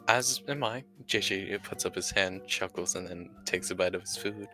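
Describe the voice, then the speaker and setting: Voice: deep voice, normal speed, pushed and bright, faint music behind. A player in a live-streamed tabletop role-play game, speaking formally in character and narrating in the third person.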